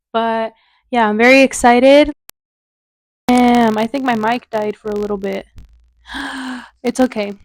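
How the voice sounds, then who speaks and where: Young woman, podcast host, casual and candid, slightly high voice, echoey room. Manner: candid, expressive, swears freely, fillers like "um" and "like". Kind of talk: casual chatty podcast monologue.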